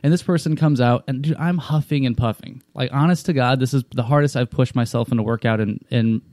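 A man of middling pitch tells a long story in casual conversation. He rambles, swears freely and keeps restarting his sentences. The sound is dry and close, with no room echo. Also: brisk, a little mellow. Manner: rambling and profane, with frequent restarts. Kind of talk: casual chat.

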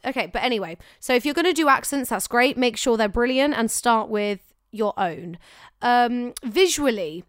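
Brief: young female actor, smooth clear voice, slightly high, chatty advice. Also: moderate pace, dry recording, clean studio sound. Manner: chatty, animated, self-correcting. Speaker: actor giving career advice. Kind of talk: casual advice chat.

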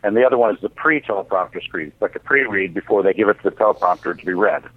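A man's voice: on the low side, very fast, dry recording. A man, the guest, telling a casual, profane story with lots of restarts. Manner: animated, profane, many restarts. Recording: tinny phone-like, dry sound.

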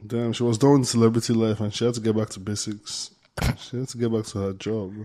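A man's voice: lowish voice, steady tone, quick pace, dark tone. A man co-hosting a casual chat, reacting with wry quips. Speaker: podcast co-host.

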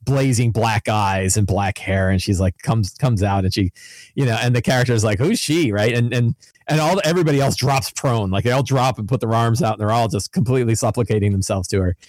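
A man, a podcast co-host and game master, recounting his tabletop session in animated, casual storytelling. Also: on the low side, a little fast, no echo, studio quality. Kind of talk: casual chat.

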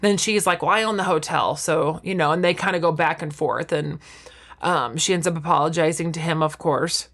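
A woman's voice: low voice, moderate pace. A woman chatting casually as a podcast co-host, retelling scenes with acted-out quotes and frequent laughter. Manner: animated storytelling, acting out quotes, laughing often. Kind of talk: casual chat about a TV show.

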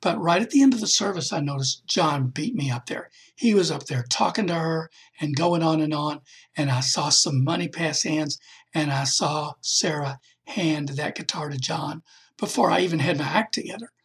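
Gravelly, very husky man preaching. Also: fairly high pitch, normal speed. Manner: heartfelt, emphatic storytelling. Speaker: podcast speaker. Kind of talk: devotional testimony and preaching.

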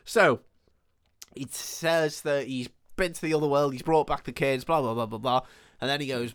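A man co-hosting a casual podcast, recapping a film plot with lots of swearing, laughter and quick put-on quotes. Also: mid-range voice, fairly bright tone, clean tone, no echo, clean studio sound. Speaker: podcast co-host.

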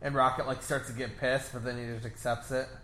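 A man's voice: mid-range voice, level tone, a bit bright. A man chatting playfully and giggling while watching a movie with a friend. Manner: giggly, playful, drawn-out delivery. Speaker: co-viewer reacting to a movie. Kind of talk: casual chat. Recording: roomy sound with faint background noise.

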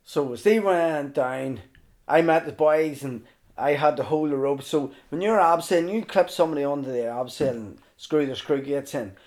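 A middle-aged man spins a casual yarn as a podcast guest. His voice sits a little on the high side, and he tells the story with lively energy and plenty of swearing. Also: normal speed. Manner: animated, swears freely, acts out others' lines. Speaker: interview guest, mountaineer.

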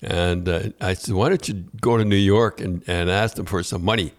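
An older man hosts a casual chat, his voice sitting somewhat low. He tells long anecdotes that wander, stall and start over again and again. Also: fairly even intonation, normal speed. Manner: rambling anecdotes with many restarts. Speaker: podcast host.

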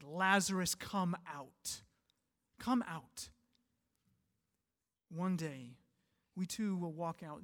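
High-voiced pastor preaching in a reverberant hall. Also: male voice. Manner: earnest, swelling to emphatic peaks then dropping soft. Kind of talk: sermon.

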